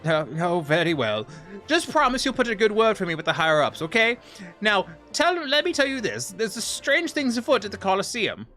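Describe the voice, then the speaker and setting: A man's voice: high voice, very animated, fairly quick, sharp tone, faint music behind, pitched above the performer's own voice, exaggerated voice. A man voicing a brusque, self-important male merchant in a game read-along. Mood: haughty. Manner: brusque, haughty.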